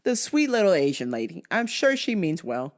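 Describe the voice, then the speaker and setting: A podcast host with a lowish, sing-song voice tells comic stories at normal speed on her own show. It's casual storytelling, full of swearing and frequent laughter.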